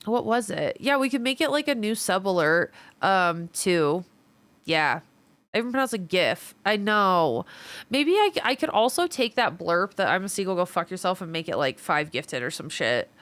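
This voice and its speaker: A woman's voice: mid-range voice, big pitch swings, moderate pace, a bit bright, no echo. A woman with a Midwestern American accent chatting casually with her stream viewers, reading their messages aloud and swearing freely. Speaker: livestreamer.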